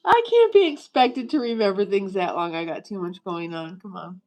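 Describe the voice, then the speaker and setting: A woman in her fifties hosts a casual livestream in a mid-pitched voice. She rambles from thought to thought, cracks jokes and keeps talking straight to her viewers. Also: lively intonation, moderate pace, poor audio. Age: 50s.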